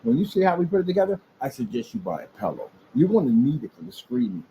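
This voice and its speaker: A man talking casually while building a PC, boasting with lively trash talk. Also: mid-range voice, fast, hardly any pauses, slight background noise, poor audio. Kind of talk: casual workshop vlog.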